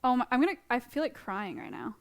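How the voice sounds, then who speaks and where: A woman's voice: fairly high pitch, huge pitch swings, fast, vocal fry. A young woman streaming from an animal sanctuary, talking casually and gushing affectionately about a small bug. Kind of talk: casual live-stream chat. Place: indoor animal sanctuary room.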